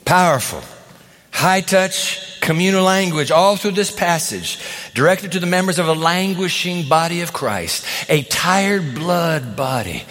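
A man preaching a sermon, dramatic, acting out voices and swinging between loud and soft. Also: a little high, animated, a little slow. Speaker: pastor. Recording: reverberant hall.

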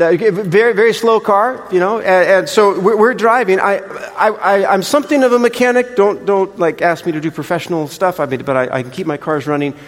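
An older man preaching a sermon, telling a story in an animated, chatty way with frequent restarts. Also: sits high. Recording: long reverb of a large hall.

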